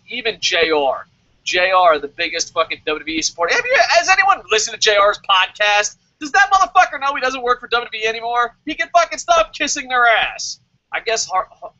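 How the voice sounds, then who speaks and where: A man's voice: fairly high pitch, pushed and bright, no echo. Profane, rambling young man reviewing wrestling. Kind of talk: casual solo review with live comments. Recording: dull lo-fi home mic.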